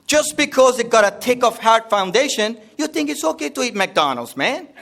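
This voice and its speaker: A man's voice: very high-pitched, very animated, normal speed, creaky, fairly bright tone. A man giving a rambling, jokey talk to a live seminar audience, repeating himself often. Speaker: seminar speaker. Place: seminar room.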